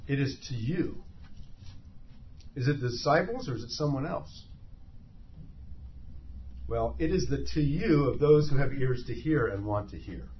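Lively impassioned male preacher. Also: medium pitch, measured pace, pauses often. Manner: impassioned, rises to loud emphatic cries; asks the listeners rhetorical questions. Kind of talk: sermon. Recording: slightly dull lo-fi sound with faint noise.

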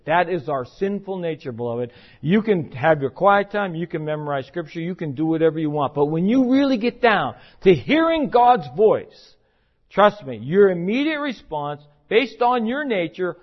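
Emphatic preacher man, muffled recording. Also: high-pitched. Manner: emphatic, conversational, acts out quoted voices. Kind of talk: sermon.

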